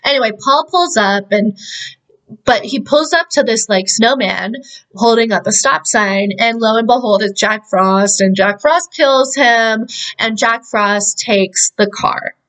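A woman with a slightly high voice talks her way through a film recap. She rambles, swears freely and leans on filler words. The chat sounds casual and unscripted, recorded at home. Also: a little slow, fairly bright tone. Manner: rambling and profane, heavy use of "like". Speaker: podcast host recapping a film.

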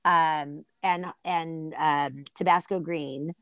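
A middle-aged woman co-hosting a casual podcast chat, rambling and animated as she tells stories. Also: deep voice, takes it slowly, no echo. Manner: chatty, rambling, animated storyteller. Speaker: podcast co-host.

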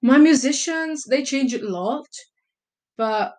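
A woman's voice: high voice, animated, slow, a little mellow. A young woman from Italy answering casual vlog questions, rambling and hesitant, with lots of fillers and self-corrections. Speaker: vlogger.

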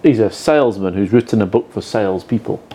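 A man's voice: fairly low pitch, fast talker, warm tone, slight background noise. A man co-hosting a casual chat about sales, giving blunt opinions and swearing casually. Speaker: podcast co-host.

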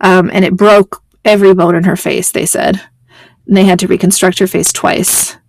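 A woman's voice: on the low side, flat delivery, moderate pace, vocal fry, dry recording. A woman hosting a podcast, chatting casually in a rambling, self-deprecating way. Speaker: podcast host. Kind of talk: casual chat.

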